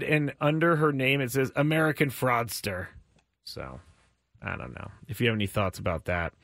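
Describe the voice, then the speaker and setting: A man hosting a sports talk show, chatting casually and rambling with frequent restarts and sudden jumps in pitch. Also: fairly bright tone, no room sound, clean studio sound. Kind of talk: casual chat.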